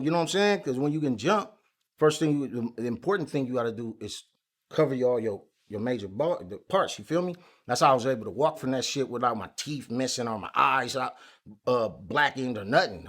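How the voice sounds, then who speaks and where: Animated man telling a story, slightly high voice. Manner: animated, acts out quoted lines loudly, heavy street slang. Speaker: interview guest. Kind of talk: casual storytelling.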